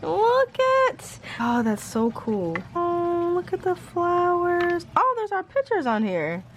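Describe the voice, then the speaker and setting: A woman's voice: very high-pitched, very animated, a little slow, slight background noise. A young woman chatting casually to her camera in a car, gushing and emotional. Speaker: book vlogger. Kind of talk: casual vlog chat. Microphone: handheld camera.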